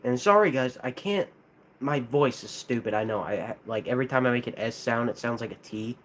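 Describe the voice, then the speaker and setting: A man with a lisp, chatting casually on a live stream, hesitant and halting, with frequent restarts. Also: mid-range voice, animated, fairly bright tone, a little hiss or hum. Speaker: streamer ranking plush toys.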